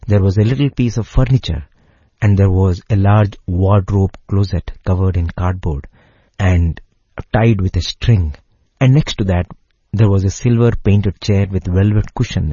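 A man narrating a devotional story in a measured way, pausing phrase by phrase. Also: low-pitched, mellow, breathy edge, no echo, muffled recording.

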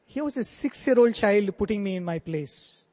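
A man's voice: high voice, expressive, moderate pace, darkish tone. A man voicing a veteran heart surgeon in his sixties, reflective and humbled. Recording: long hall reverb.

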